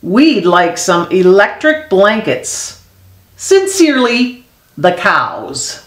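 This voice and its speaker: Woman voicing storybook cows, polite, formal letter-reading, slow, echoey. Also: medium pitch, sing-song. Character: polite typing cows writing notes. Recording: echoey room.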